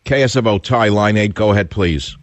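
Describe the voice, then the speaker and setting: A man's voice: lowish voice, brisk, dry recording. A man hosting a radio talk show, combative and indignant, firing off rhetorical questions. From United States.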